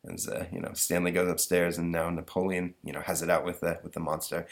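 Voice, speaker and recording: A man's voice: sits low, level tone, fast, creaky, hardly any pauses. A man hosting a podcast who retells a cartoon in a chatty, casual way with laughs and fillers. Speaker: podcast host.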